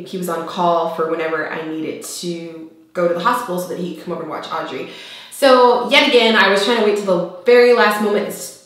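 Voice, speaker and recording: Chatty young woman in an echoey room. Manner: chatty and animated, acting out quoted lines in a high voice. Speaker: vlogger. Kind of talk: casual storytelling to camera.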